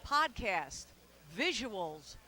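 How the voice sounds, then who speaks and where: A middle-aged woman with a thick New York accent chats as a guest on a radio show. Her voice is very bright and forward. She talks in a quick, sarcastic, animated way. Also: medium pitch. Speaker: sportscaster guest. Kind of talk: casual radio interview.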